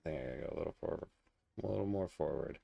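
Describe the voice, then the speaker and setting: A man's voice: rumbling low, rapid-fire, gravelly, husky, lo-fi sound. A man casually commenting on his gameplay, muttering and thinking aloud as he builds. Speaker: let's play host.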